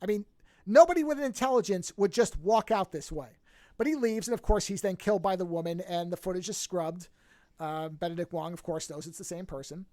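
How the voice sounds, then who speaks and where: The voice is mid-range and fairly quick, with no room sound. It belongs to a podcast host energetically recapping a TV series in a casual way, voicing characters' lines and often stopping to restart or fix a sentence.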